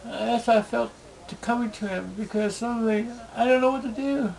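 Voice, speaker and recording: Man, home video diary, halting and pleading, high gravelly voice. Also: a little mellow, low-quality recording. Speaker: video blogger. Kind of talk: emotional personal video diary.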